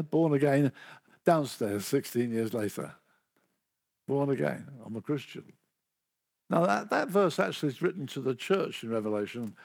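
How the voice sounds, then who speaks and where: Older guy giving a sermon, raspy and gravelly, earnest storytelling, keeps restarting lines. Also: mid-range voice, a little mellow, no echo, studio quality. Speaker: preacher.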